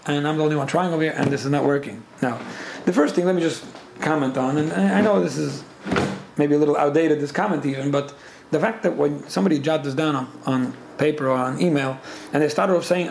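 A man gives a Torah class at a rapid clip, in a slightly high voice with a gravelly edge. He often repeats and restarts his words as he explains. He is recorded in an echoey room with faint ambience behind him. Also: a little mellow. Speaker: Torah teacher. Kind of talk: Torah class with listener questions.

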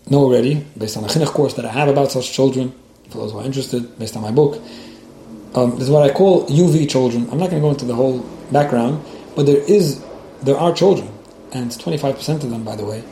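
Fast-talking man lecturing in an echoey room. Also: medium pitch, dark tone. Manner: fast, repeats words, many restarts. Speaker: rabbi and teacher on child education. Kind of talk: lecture with storytelling. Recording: echoey room, faint background hiss.

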